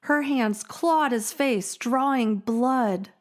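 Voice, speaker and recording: A woman hosting a storytelling podcast, reading a scripted story in a measured, dramatic way. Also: fairly high pitch. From Illinois, USA. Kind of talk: scripted narration.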